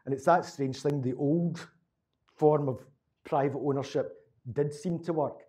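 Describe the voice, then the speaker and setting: A man's voice: fairly high pitch, fairly even intonation, measured pace, warm tone. A Glaswegian man, a local historian, answering audience questions in a rambling, conversational way, often repeating words. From Scotland. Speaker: local historian giving a talk.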